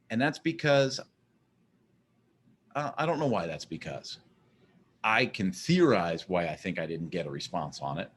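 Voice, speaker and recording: A man in a casual monologue, rambling and often repeating words as he starts a sentence. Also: lowish voice. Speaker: vlogger.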